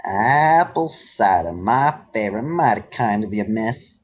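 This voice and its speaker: A Southern-accented male pony wanderer drawls his way through polite, flirtatious small talk, as a man puts him on. The voice sits fairly low and folksy. The sound is dull and lo-fi. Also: lively intonation, a little slow. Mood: folksy charm.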